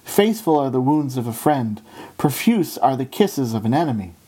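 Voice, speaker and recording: Mellow-voiced man preaching an earnest sermon. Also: mid-range voice, normal speed, slightly rough. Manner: earnest, steady delivery, often quoting scripture and authors.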